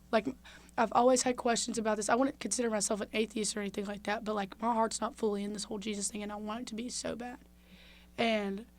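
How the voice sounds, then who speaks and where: A young woman, a podcast guest telling a heartfelt story in casual conversation. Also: medium pitch. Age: young adult. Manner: heartfelt, animated, drops to a hush at tender moments.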